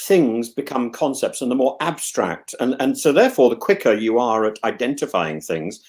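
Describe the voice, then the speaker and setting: An English man hosts a casual chat, thinking aloud in long discursive turns. He stumbles over repeated words and restarts his sentences often. His pitch swings widely as he talks. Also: very animated, normal speed, darkish tone. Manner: rambling, with many restarts and stammered repeats; musing and discursive. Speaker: host.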